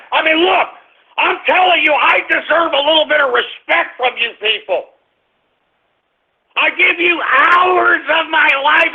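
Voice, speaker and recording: Gravelly ranting radio host, tinny. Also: male voice, very high voice. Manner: angry, cursing, swings between grumbling and shouting. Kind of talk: ranting internet radio talk. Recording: tinny phone-like radio stream.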